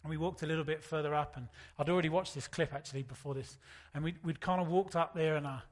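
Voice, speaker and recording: A man, preaching a sermon in a relaxed, storytelling way. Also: fairly high pitch, fast talker. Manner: conversational, anecdotal preaching. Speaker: pastor.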